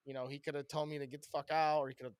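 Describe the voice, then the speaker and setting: Brief: male podcast co-host, rambling and profane, higher voice, dry close sound. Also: little pitch movement, very fast, smooth, no room sound. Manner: loud, profane, rambling venting. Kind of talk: casual podcast chat.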